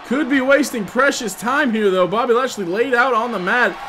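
A man doing sports-style play-by-play commentary, moving from steady calls to loud, shouted excitement. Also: high voice, normal speed, soft background music. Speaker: commentator for his own gameplay video.

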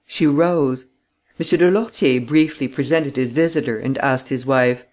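A man narrating an audiobook in a steady, even storytelling voice. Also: mid-range voice, normal speed. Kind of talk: scripted narration.

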